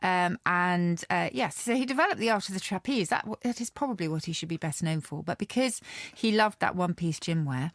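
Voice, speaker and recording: A woman with a lowish voice co-hosts a podcast, speaking a little fast with lively intonation in a clean, echo-free studio recording. A lexicographer, she explains word histories in a thoughtful, chatty way, using lots of fillers.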